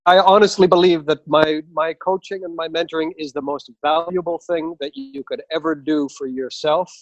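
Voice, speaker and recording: A man with a slightly high voice talks earnestly and persuasively as a life coach. He is a guest in a casual live interview. The sound is dry and close, with no room echo. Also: steady tone, moderate pace, dull audio.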